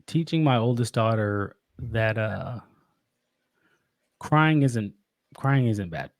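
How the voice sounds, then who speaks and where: A man talking as a podcast guest about being a father, earnest and reflective, often pausing and restarting his sentences. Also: lowish voice, animated, no room sound. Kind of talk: casual interview.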